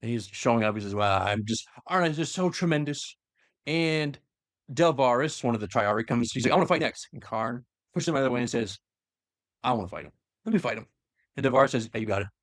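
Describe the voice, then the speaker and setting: Speaking quickly in a medium pitch, a podcast host casually retells a lengthy bit of lore to his co-host. He gets animated, acts out what characters say, and fills gaps with frequent fillers. There's no echo, just clean studio sound.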